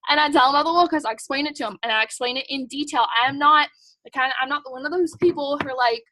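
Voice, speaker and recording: A woman's voice: sits high, very fast, pushed and bright, a little hiss or hum. A young woman, giving a chatty, emphatic motivational talk to her sales team, full of "like" and "um" and blunt pep. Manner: chatty, emphatic, says "like" and "um" a lot; blunt and pushy. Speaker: team leader at a sales kick-off meeting.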